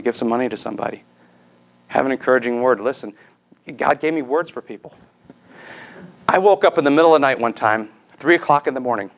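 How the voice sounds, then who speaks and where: A man's voice: medium pitch, a bit bright. Male preacher, earnest storyteller, leads prayer, ordinary mid-range voice. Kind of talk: sermon with prayer.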